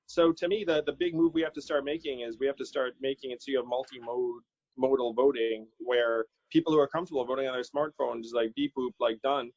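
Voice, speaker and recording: Being interviewed as a political candidate, a man chats casually and animatedly, laughing readily and quoting others as he tells stories. His medium-pitched, darkish voice moves fairly quickly with a fairly even intonation. The recording is dry, dull and lo-fi.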